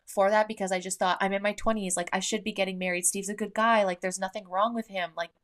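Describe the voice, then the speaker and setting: A woman in her thirties hosts a podcast, talking in candid, loose chat full of fillers and the odd swear word. Her voice sits at a middle pitch for a woman. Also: fairly even intonation, quick pace, a bit bright. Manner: candid and chatty, swears freely, many fillers. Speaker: podcast host. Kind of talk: casual chat.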